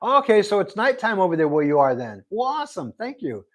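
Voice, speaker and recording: A man's voice: high voice, very animated, brisk, a bit bright. Chatty man hosting a livestream. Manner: chatty, reads out viewer comments, thanks viewers a lot. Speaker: livestream host. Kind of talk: casual live chat. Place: Arizona.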